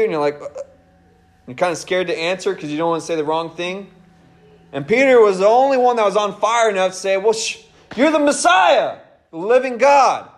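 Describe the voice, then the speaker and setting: A man preaching a casual, animated sermon, laughing and acting out the people he quotes. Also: high-pitched.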